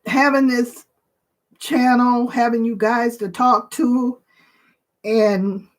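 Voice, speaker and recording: Slow-talking woman in her sixties. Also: on the high side, steady tone. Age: 60s. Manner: slow, emotional, tearful at times, with pauses and fillers. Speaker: channel host. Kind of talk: casual chat to viewers.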